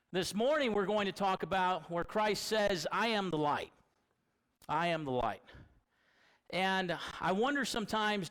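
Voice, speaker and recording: A man with a high-pitched voice delivers a church sermon. He talks conversationally, telling a story to make his point. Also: a bit bright, low-quality recording. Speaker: preacher.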